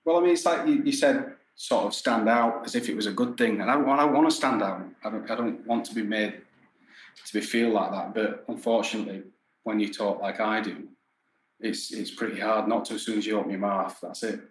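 A man's voice: fairly low pitch, brisk. A man in casual podcast talk, blunt and swearing freely. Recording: echoey room with faint background noise.

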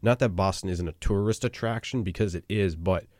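A man's voice: low voice, fairly quick, a little mellow, no room sound, clean studio sound. A young man from western Massachusetts chatting as podcast co-host, telling anecdotes and acting out what others say. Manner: storytelling, acts out quoted voices. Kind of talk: casual chat.

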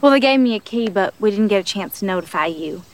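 An actress playing a young con artist who puts on a sweet, breezy Southern accent. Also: female voice, mid-range voice, animated, quick pace, lightly acted. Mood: sugary. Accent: Southern US, put on by the character.

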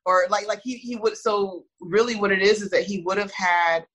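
A woman in casual conversation, speaking thoughtfully with a soft, soothing voice and frequent restarts. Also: mid-range voice, fairly even intonation, normal speed, rough recording.

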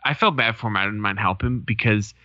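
A man in his thirties co-hosts a casual podcast, speaking fairly quickly in a lowish, sharp voice. He tells stories full of swearing and acts out the people in them, and the audio is dull and lo-fi with no room sound.

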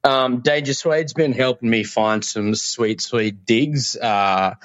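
A man leaving an excitable, rambling voicemail, mocking himself as he goes. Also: medium pitch, slow pace, no room sound, highs cut off. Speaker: voicemail caller. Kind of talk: casual voicemail chat.

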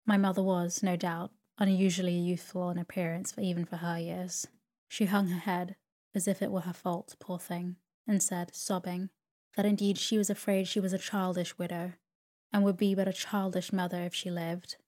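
Calm female sleep-story narrator with a lowish, level, unhurried read.

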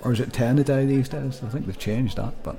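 A man's voice: mid-range voice, fairly quick, vocal fry, warm tone. British man, podcast co-host, rambling, hesitant restarts, easy laughs. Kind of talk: casual chat.

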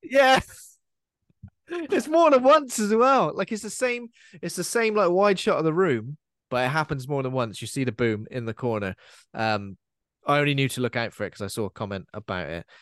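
A man's voice: on the high side, animated, normal speed, fairly bright tone, dry recording, clean studio sound. A man co-hosting a podcast, chatting casually about a film and wandering from point to point. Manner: chatty, digressive, often quotes characters in silly voices. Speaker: podcast co-host. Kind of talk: casual film-review chat.

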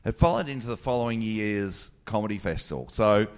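A middle-aged Australian man telling stories on a live podcast. He is crude and animated, and his pitch moves a lot, rising and falling through each tale. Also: fairly quick, smooth. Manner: crude, animated yarn-spinning. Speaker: comedian guest.

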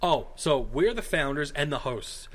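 A man's voice: a little high, lively intonation, unhurried, fairly bright tone. A man co-hosting a casual podcast, rambling and digressive with a jokey tone. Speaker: podcast co-host. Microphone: headphones and studio mic.

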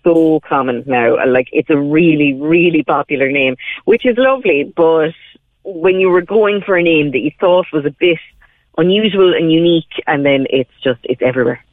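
A woman's voice: low-pitched, moderate pace, no echo. A young Irish woman co-hosting a radio chat, chatty and laughing often as she tells stories. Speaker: radio co-host. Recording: tinny phone-like radio line.

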